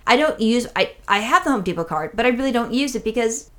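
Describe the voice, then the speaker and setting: Rapid-fire woman co-host, profane and exasperated, tells rambling stories and quotes other people. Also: fairly high pitch, animated, fairly bright tone. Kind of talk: casual storytelling chat.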